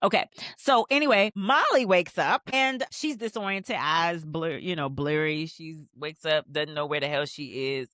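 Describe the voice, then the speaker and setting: A woman hosting a TV show rewatch, recapping scenes in a rambling, animated, profane way. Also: sits low, moderate pace, few pauses, dry recording, studio quality. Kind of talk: casual episode recap and commentary.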